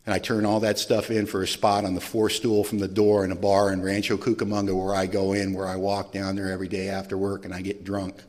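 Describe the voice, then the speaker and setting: Guy in his 40s telling his recovery story, jokes at his own expense, lowish voice, lots of hall echo. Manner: self-deprecating, humorous storyteller. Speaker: recovery meeting speaker. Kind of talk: personal recovery story told to an audience. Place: large event hall. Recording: long reverb of a large hall.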